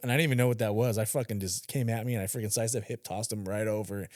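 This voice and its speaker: His voice is lowish and rapid-fire, recorded in studio quality without any room sound. This podcast co-host spins stories in casual, foul-mouthed conversation, performing the quotes with animation and cursing without restraint.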